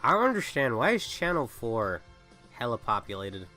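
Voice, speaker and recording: With faint music playing behind him, a young man who is sick and coughing chats through a gaming livestream. His medium-pitched voice is sharp and very animated at a moderate pace, and he rambles while cutting himself off.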